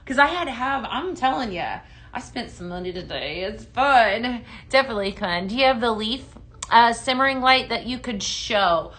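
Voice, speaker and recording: A chatty woman with a light lilt runs a live-stream sale, greeting her viewers one after another. Her voice sits a little high and rings bright and forceful. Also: expressive, moderate pace. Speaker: live shopping host. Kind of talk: live-stream product demo.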